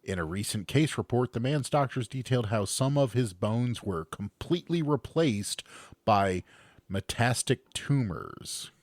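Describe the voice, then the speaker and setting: A man's voice: medium pitch, animated, no echo. A man co-hosting a comedy podcast, reading a news story aloud in casual chat and stumbling over medical terms. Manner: reads headlines haltingly, stumbles on medical terms.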